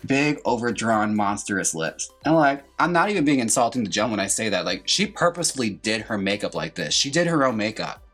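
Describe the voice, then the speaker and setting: A man's voice: lowish voice, big pitch swings, fairly quick, few pauses, fairly bright tone, faint music behind. A young man who is a drag queen, chatting campily and theatrically while doing a makeup tutorial. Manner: chatty, campy, theatrical asides. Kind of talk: casual makeup tutorial chat.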